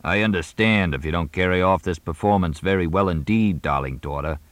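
A man's voice: brisk, no room sound, natural voice. A man voicing a pompous, befuddled old male stage actor who is drunk. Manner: grandiose, muddled, booming.

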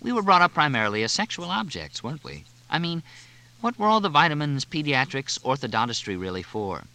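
A man's voice: medium pitch, sharp tone. A man voicing an outspoken young woman who lectures emphatically.

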